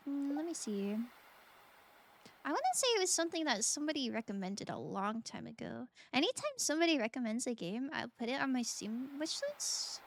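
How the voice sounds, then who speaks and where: A woman's voice: high-pitched, very animated, a little fast, creaky, no room sound. A woman streaming a game and chatting casually and playfully with her viewers, often laughing. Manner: playful, giggly, talks to chat. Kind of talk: casual live-stream chat while gaming.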